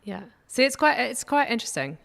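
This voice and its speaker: A woman's voice: on the high side, very animated, a little fast, creaky, fairly bright tone, big-room sound. A woman guest on a podcast, chattily explaining whisky with plenty of ums. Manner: explanatory, chatty, many fillers. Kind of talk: casual chat.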